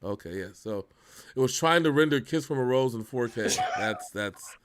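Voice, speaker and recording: A man's voice: mid-range voice, moderate pace, background noise. A man co-hosting a reaction show, bantering casually and joking over a video call. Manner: animated, joking, big swings in loudness.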